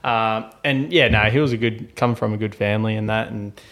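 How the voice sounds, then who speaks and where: This young Australian man, co-hosting a podcast, talks briskly in a lowish voice. He tells a story during relaxed conversation and animatedly performs the other people's lines.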